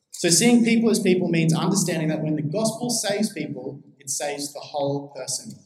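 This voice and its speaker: A man's voice: fairly high pitch, darkish tone. A man preaching a sermon to a congregation, reading scripture aloud and putting questions to the listeners. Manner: asks the congregation questions and answers them. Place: church hall. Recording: echoey hall, faint noise.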